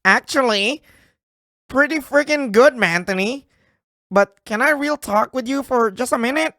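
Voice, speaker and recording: A man voicing a scheming ex-convict watch dealer in a comedy skit, with a put-on accent and an excited delivery. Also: very high-pitched, unhurried, no room sound, studio quality, voice pushed up, full character voice.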